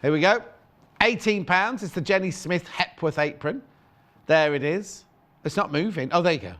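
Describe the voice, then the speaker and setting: A man from the United Kingdom, voice somewhat high and a bit bright, speaks at a normal pace. He's presenting live shopping TV from a studio on a clip-on mic, teasing his co-host, chatting playfully and reading out what the fabrics cost.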